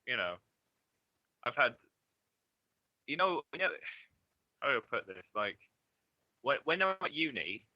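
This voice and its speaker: A man's voice: medium pitch, big pitch swings, unhurried, pauses often, no room sound. Brief: twenties man from southeast England, chatty, swears a lot, dull muffled sound. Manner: chatty, swears freely, laughs often. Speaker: guest. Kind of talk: casual online chat. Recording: dull lo-fi audio.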